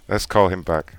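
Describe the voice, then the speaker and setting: A man hosting a show and making prank calls, deadpan and provocative, laughing often. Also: deep voice, slight background noise. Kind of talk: casual prank-call banter.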